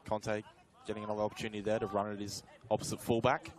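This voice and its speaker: A man providing colour commentary on a live football match, talking through the play in a conversational, analytical way, with fillers and quick self-corrections. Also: lowish voice, level tone.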